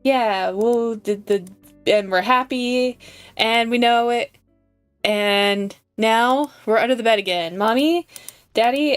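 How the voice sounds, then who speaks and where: A woman streaming a story game, reacting with giggles and excitement and reading the game's text aloud. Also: a little high, clear, resonant tone, no room sound. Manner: giggly and excitable, with lots of fillers.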